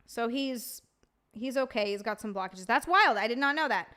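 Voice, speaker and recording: Woman livestreamer, casual chat, swears freely, fairly high voice. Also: expressive, normal speed, bright, forceful tone. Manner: profane, laughing, reacting to chat. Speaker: livestream host reading chat.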